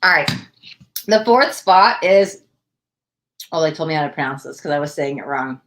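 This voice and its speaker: A woman's voice: low voice, animated, moderate pace. Bubbly woman, gushing livestream chatter. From United States. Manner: bubbly, gushing, lots of "like" and "oh my God". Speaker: livestream tarot reader. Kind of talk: casual livestream chat.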